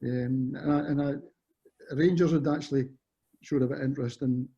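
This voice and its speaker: A Scottish former footballer in his fifties, appearing as a guest, tells rambling stories in casual chat, often correcting himself. His mid-range voice is steady, mellow, and slightly rough at normal speed, on muffled lo-fi audio.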